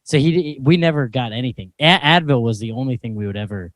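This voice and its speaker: A man co-hosting a casual podcast over a video call, joking and rambling and breaking into laughs. His voice sits at an ordinary pitch. The sound is dry and close, with no room around it. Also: quick pace, no echo. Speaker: podcast co-host. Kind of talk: casual chat.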